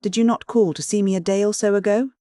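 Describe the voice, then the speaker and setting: A narrator voicing a contemptuous young English gentleman who answers promptly and coldly. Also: mid-range voice, steady tone, fast talker, no room sound, clean studio sound, pitched above the performer's own voice, lightly acted. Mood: cold contempt.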